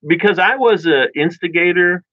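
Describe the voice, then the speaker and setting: A man casually telling childhood stories in a rambling, animated way, with many restarts and chuckles. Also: high-pitched, normal speed, dry recording. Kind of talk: casual storytelling chat. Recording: dull dry lo-fi sound.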